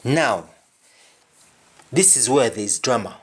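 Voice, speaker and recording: Slow, lively-pitched man teaching pronunciation. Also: breathy edge. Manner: deliberate, repeating each word in pairs. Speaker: language teacher. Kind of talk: pronunciation lesson.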